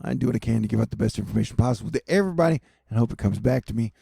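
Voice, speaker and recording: A man runs through a weather update in a casual, rambling way, dropping wry self-mocking jokes. His voice is dark and mellow, with a gravelly, husky edge. The sound is dry and close. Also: mid-range voice, lively intonation, very fast, no room sound. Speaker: weather news host. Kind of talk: casual weather commentary over maps.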